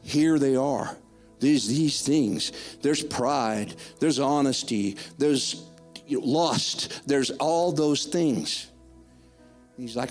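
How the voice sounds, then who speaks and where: An older man giving a spoken testimony in church, rambling and excitable, with many restarts. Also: medium pitch, extremely slow, soft background music.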